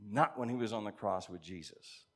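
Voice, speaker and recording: A man teaching a congregation in a conversational sermon, reading scripture aloud and musing with animated asides. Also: on the low side, normal speed. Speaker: pastor or Bible teacher.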